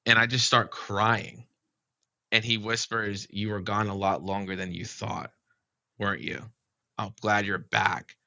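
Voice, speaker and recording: A man's voice: fairly low pitch, gravelly, bright, forceful tone, dry recording, muffled recording. A man who is a podcast guest, telling a long story in a casual, rambling way, full of "like" and "you know".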